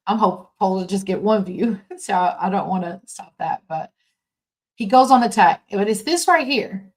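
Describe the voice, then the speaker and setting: Low-voiced woman hosting a chatty podcast. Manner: halting, with many fillers and restarts. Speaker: podcast host. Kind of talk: casual commentary podcast. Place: home.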